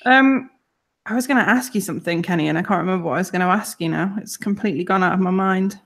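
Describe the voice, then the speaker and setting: A woman's voice: medium pitch, fast. A woman co-hosting a casual live-stream chat, teasing her co-host and swearing casually.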